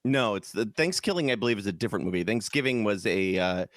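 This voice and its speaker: A man's voice: fairly low pitch, expressive, fast, no room sound. Chicago guy on a podcast, rambles n restarts a lot, eager, dry close mic. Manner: rambling, enthusiastic, trails off and restarts. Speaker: podcast co-host. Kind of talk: casual chat.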